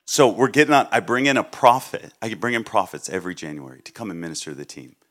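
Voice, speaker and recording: A middle-aged man from Massachusetts, a guest preacher telling stories in a sermon, swinging between loud outbursts and quiet asides. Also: on the low side, animated, fast. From Massachusetts, USA. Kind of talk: sermon with storytelling.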